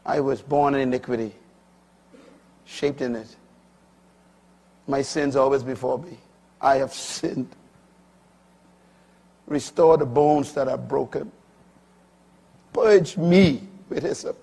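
A man in his sixties preaching a sermon, swinging from quiet, low stretches to loud, high, emphatic lines. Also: takes it slowly, gravelly, long pauses, breathy edge. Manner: dramatic swings from quiet to loud, rising pitch on key lines. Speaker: pastor.

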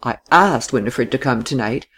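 A reader voicing a jolly young widow who speaks in high, distinct, teasing tones in a storybook reading. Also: lively intonation, normal speed, a bit bright, slightly rough.

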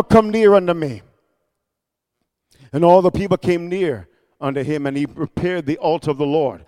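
A man preaching a fervent sermon, reading scripture aloud, swinging between shouts and hushed asides, and calling out for amens. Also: a little high, normal speed, long pauses, smooth.

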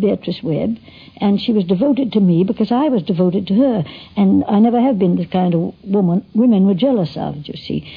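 An older woman recalls a friend in brisk, anecdotal speech, acting out the lines she quotes. Her voice is gravelly and husky, and it comes through a dull, lo-fi archive recording. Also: mid-range voice. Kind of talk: archival reminiscence.

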